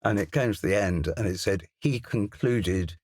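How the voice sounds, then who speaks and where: Husky older Englishman, hesitant storyteller. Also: deep voice, brisk, no room sound. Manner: hesitant, self-deprecating, full of restarts and asides. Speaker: crime novelist and guest. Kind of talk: casual interview chat. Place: recording studio.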